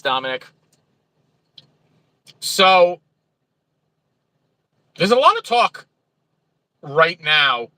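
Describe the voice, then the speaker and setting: A man's voice: on the high side, bright, forceful tone, no echo, low-quality recording. A man from New Jersey with a New Jersey accent, a truck driver chatting casually on a livestream, reading viewer comments and greeting viewers by name from a truck stop.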